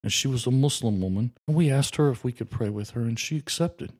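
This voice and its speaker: A man's voice: medium pitch, fast talker, darkish tone. A man in street ministry, telling a heartfelt testimony in an earnest storytelling way. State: emotional, voice breaking. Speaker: street ministry outreach leader.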